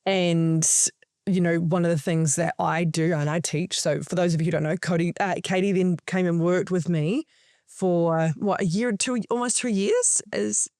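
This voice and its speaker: Animated, swearing woman. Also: lowish voice, moderate pace, dry recording, clean studio sound. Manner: animated storytelling, frequent swearing. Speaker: podcast guest, spiritual coach. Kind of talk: casual podcast conversation.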